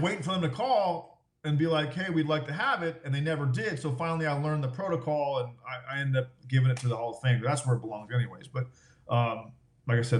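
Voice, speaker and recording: A middle-aged man spins loose, swear-laden stories with a laugh never far away. His voice sits a touch high, and the room around him rings with echo. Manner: swears freely, animated and laughing. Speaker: guest, former ballplayer. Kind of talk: casual storytelling, profane.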